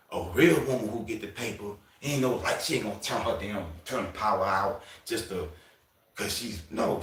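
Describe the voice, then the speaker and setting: A man's voice: lowish voice, a bit bright, roomy sound. A man hosting a livestream, rambling on in a casual, profane rant with many asides, stumbles and restarts. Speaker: livestream host.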